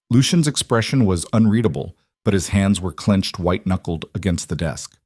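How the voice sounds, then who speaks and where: A man narrating a dramatic story in a steady, scripted reading. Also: low voice, normal speed, hardly any pauses, no room sound, studio quality.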